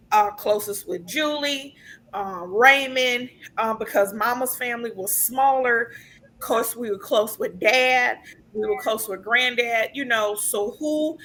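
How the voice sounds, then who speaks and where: A woman's voice: fairly high pitch, sharp tone, a little hiss or hum. A woman giving a casual live card reading to her sibling, chatty and earnest, with many ums and restarts. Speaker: tarot card reader.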